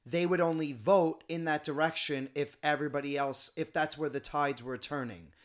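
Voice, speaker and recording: A man's voice: on the high side, steady tone, moderate pace, a bit bright. A young man hosting a casual chat, asking curious, somewhat hesitant questions.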